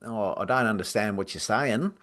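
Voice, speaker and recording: A man's voice: on the low side, normal speed, fairly bright tone, natural voice. A man putting on a puzzled Australian butcher with an Australian accent.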